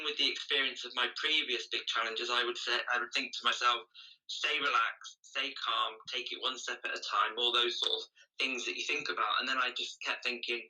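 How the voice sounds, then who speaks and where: A man's voice: mid-range voice, bright, forceful tone, far from the mic, rough recording. A man chatting as a podcast guest, telling running stories with frequent restarts. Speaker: podcast guest, charity runner. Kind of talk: casual interview chat.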